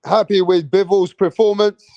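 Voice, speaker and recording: Hyped, profane man with a high voice. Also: fairly even intonation, moderate pace, warm tone, dry recording, lo-fi sound. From England. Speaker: boxing channel host. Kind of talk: live-stream boxing commentary.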